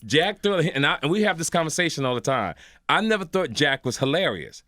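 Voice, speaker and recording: Older man, lively storyteller. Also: a little high, quick pace, no echo, clean studio sound. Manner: excitable storyteller, acts out other voices, laughs while talking. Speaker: guest comedian. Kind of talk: animated radio interview storytelling. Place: radio studio.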